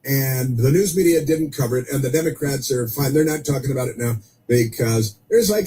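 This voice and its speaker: A man's voice: medium pitch, brisk, few pauses, dark tone, slight background noise, poor audio. A man hosting a political talk radio show, delivering a sarcastic monologue full of scornful asides. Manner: sarcastic, scornful asides and mocking quoted voices.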